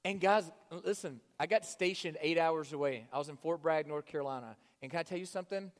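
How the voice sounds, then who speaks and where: A fairly high-voiced male pastor delivers a fervent sermon a little fast, shifting between loud, urging cries and hushed, nearly whispered words. Long reverb carries his voice through a large hall.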